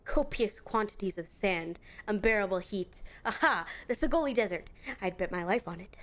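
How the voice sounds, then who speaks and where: A woman's voice: medium pitch, animated, normal speed, natural voice. A woman voicing a pompous, grandiose male inspector from a video game, declaiming theatrically about his own brilliance. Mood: dramatic. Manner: theatrical, self-aggrandizing declamation.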